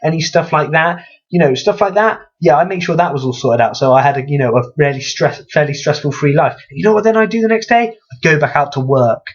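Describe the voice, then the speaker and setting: A man's voice: quick pace, highs cut off. Sarcastic young man ranting. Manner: sarcastic, swears freely, animated pitch jumps. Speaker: vlogger. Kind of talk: ranting comedic vlog.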